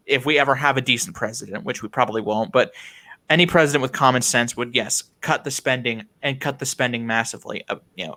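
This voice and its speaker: Male host, bright voice, opinionated, fillers and restarts, casual discussion. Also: mid-range voice.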